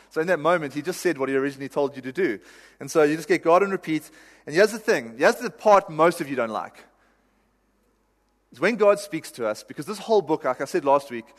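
A male pastor preaches in a casual, self-deprecating way, with a fairly high voice. His words ring out in a large church hall with a long reverb. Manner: conversational, self-deprecating, laughs at himself. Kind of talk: sermon.

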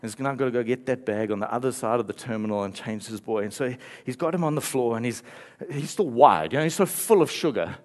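A man's voice: medium pitch, fast, hardly any pauses. A man preaching a sermon, telling a story with playful asides and light laughter. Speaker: pastor.

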